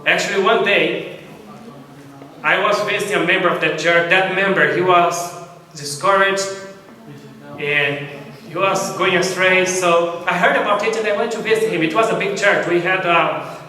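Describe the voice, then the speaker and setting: High bright-voiced preacher in an echoey hall. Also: male voice. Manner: earnest storytelling, repeats and restarts phrases. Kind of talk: sermon. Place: church sanctuary. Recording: echoey church hall from far off.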